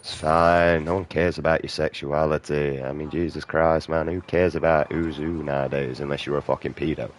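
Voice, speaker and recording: A man's voice: a bass voice, flat delivery, moderate pace, few pauses, slight background noise. A British man in his thirties ranting profanely as he comments over his gameplay. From Britain. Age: 30s. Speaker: gaming streamer.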